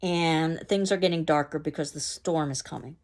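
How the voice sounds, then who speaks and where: A woman teaching a class, explaining in a measured way with some fillers and restarts. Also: deep voice, fairly even intonation, darkish tone. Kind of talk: recorded lecture.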